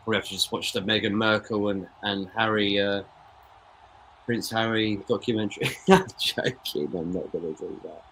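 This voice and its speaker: A lowish-voiced man talking through a football match with a friend in easy, opinionated chat. He keeps dropping "mate" into his lines, and faint ambient noise sits under the recording. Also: steady tone, normal speed, a bit bright. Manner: chatty, says "mate" often, opinionated. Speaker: co-host of football watchalong. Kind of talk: casual live match chat.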